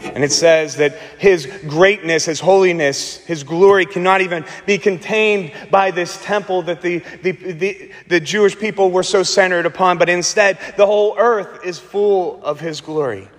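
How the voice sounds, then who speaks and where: Man, pastor, sermon, slightly high voice, long hall reverb, emphatic repetitions. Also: steady tone. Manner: dramatic pauses, repeats words for emphasis.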